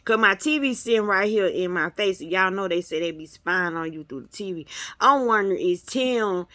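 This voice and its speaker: Bright, lively woman chatting to viewers. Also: medium pitch, normal speed, no echo. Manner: animated, playful, talks straight to viewers. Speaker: vlogger. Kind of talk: casual chat to viewers. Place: at home indoors.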